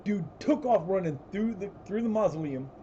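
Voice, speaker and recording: A man spins long, rambling stories on a live stream, his voice mellow and darkish. He restarts sentences often and swears freely. The audio is slightly dull, with a faint hiss behind him. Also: sits high, expressive, normal speed. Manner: baby talk to his cat. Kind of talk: casual storytelling while gaming.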